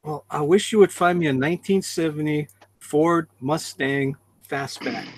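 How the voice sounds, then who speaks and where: A man's voice: on the high side, measured pace. A man hosting a casual live stream, laughing often and reading out chat comments.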